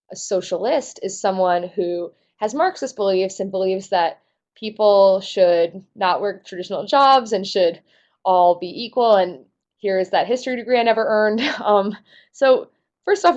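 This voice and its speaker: A woman's voice: mid-range voice, a little mellow. A young woman, a test prep tutor, explaining answer choices in a casual, lightly self-mocking way.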